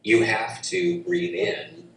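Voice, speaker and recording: Unhurried male breathwork teacher, gentle and halting, heard from a distance with slight room ambience. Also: fairly low pitch, a little hiss or hum. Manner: slow, gentle, halting with restarts. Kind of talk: guided breathing instruction. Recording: roomy, distant mic, faint ambience.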